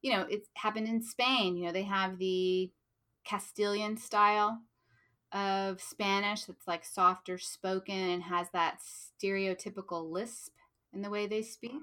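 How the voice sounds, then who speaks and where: A woman's voice: mid-range voice, steady tone, measured pace, fairly bright tone. An American woman co-hosting a podcast in a bubbly, chatty way, laughing often. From United States. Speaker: podcast co-host. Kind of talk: casual podcast chat.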